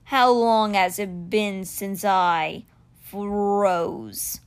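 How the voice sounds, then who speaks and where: A woman voicing a stern male stone cheetah, speaking slowly and gravely in a storybook reading. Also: mid-range voice, steady tone. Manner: slow, gravelly and solemn. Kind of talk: audiobook reading.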